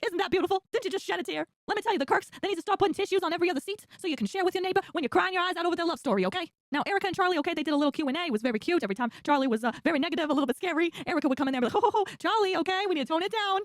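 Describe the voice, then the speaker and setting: A woman's voice: very high voice, very fast, hardly any pauses. A woman vlogger giving a sassy, teasing recap of an event, often tagging her sentences with "okay?". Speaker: political commentary vlogger. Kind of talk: energetic event recap commentary.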